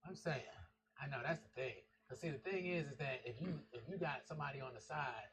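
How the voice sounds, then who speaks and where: A man's voice: mid-range voice, brisk. A man on a podcast in casual chat, telling stories in loose slang and laughing often. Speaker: podcast host.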